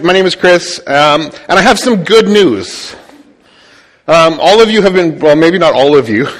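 Guy pastor giving a sermon, chatty, jokes at himself, lots of ums, voice a bit high. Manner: chatty, self-deprecating humor, frequent fillers. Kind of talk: sermon with church announcements.

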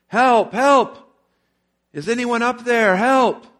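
A man voicing a desperate man clinging to a branch over a canyon, yelling and pleading for help. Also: sits high, animated, a little slow, voice pushed up. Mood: panicked.

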